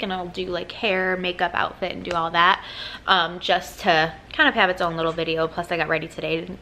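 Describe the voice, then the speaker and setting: A woman's voice: mid-range voice, pushed and bright. A young adult woman vlogging at home in a chatty, upbeat way, full of likes and ums. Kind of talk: casual vlog chat to camera. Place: at home, indoors.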